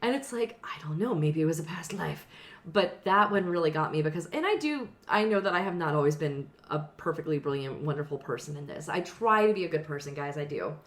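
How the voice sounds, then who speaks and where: An animated woman chats on a casual podcast. Her pitch leaps and swoops as she talks, laughing easily and turning emotional. She is recorded in an echoey room. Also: a little fast. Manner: emotional, animated, laughs often, high squeals when excited. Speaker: podcast co-host.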